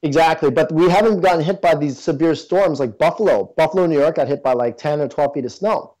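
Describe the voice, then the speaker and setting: A man's voice: fairly high pitch, a little fast, warm tone, poor audio. A man being interviewed as a guest, talking casually and earnestly, with many fillers and restarts. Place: in Toronto.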